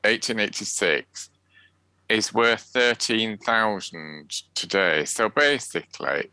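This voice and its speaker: A man's voice: fairly low pitch, animated, slow pace, pushed and bright, no echo. A British man co-hosting a casual chat, giggly and self-mocking. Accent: British English. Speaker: podcast co-host.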